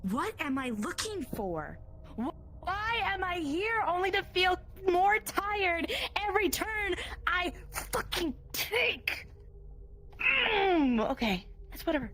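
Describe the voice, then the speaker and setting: A young adult woman playing her character in a tabletop game, muttering, swearing and breaking into teary shouts. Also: very high voice, very animated, takes it slowly, a little hiss or hum. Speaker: player. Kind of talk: in-character tabletop role-play.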